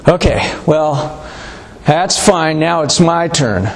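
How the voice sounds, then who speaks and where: A man's voice: a little high, expressive, slow pace, creaky, exaggerated voice. A man doing a cocky big-city lawyer. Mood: strained.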